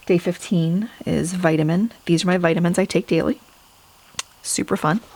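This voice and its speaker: A middle-aged woman walks through the pages of her sketchbook in a relaxed, chatty way, poking fun at her own work. Her voice sits low and carries a gravelly fry. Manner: chatty, self-deprecating, laughs at herself. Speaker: artist showing her sketchbook. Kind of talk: casual narrated flip-through.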